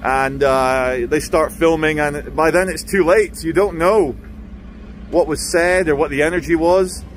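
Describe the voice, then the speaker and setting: A man's voice: on the high side, measured pace. A man walking through city streets as he films a vlog, talking in a chatty, sardonic way with mocking asides, into a handheld camera mic. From England. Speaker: street vlogger. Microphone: handheld camera mic while walking. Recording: faint street traffic noise behind.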